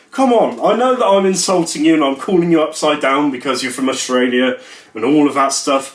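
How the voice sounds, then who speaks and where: Fairly high-pitched and a bit bright, this young adult YouTuber rambles through a casual vlog, cracking self-mocking jokes. The room sounds echoey.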